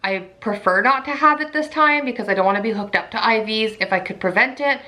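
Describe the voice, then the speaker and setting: A woman's voice: a little high, quick pace, bright, forceful tone. A young pregnant woman in casual vlog chat, chatty and full of "like". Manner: chatty, says "like" often. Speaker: pregnancy vlogger.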